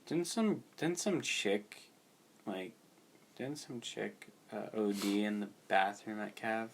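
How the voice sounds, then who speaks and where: A man's voice: fairly low pitch, slow, gravelly, a little hiss or hum. A young man co-hosting a podcast in casual chat, laid-back and distracted, swearing now and then. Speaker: podcast co-host.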